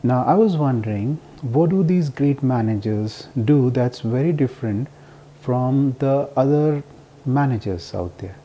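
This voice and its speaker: A man's voice: mid-range voice, lively intonation, unhurried, mellow, dull audio, slight background noise. A man asking a casual interview question in a friendly way, with filler words.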